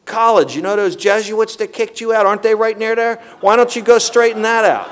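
A man's voice: high voice, steady tone, fairly quick, noisy background, pitched above the performer's own voice, close to an everyday voice. A man voicing his blunt, insistent male sponsor in a raised voice. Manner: loud, insistent.

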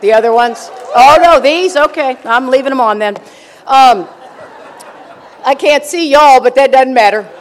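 A woman's voice: sits high, measured pace, some chatter behind, a little hiss or hum. An older woman speaking at a recovery meeting, telling stories with brash, joking humor and frequent laughter. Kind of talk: humorous storytelling talk to an audience.

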